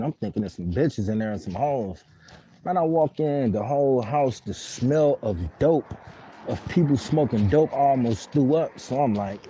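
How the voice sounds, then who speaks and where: A man's voice: medium pitch, expressive, moderate pace, mellow, a little hiss or hum, low-quality recording. A man casually telling a story on a live stream, rambling in heavy street slang and cursing while he answers viewer comments. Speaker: livestream host.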